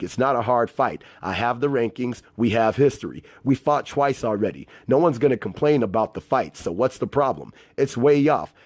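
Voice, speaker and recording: A US man hosting a boxing news channel reads articles aloud, then gives casual, slangy, fired-up opinions. His voice is medium-pitched and a little mellow, with no room sound.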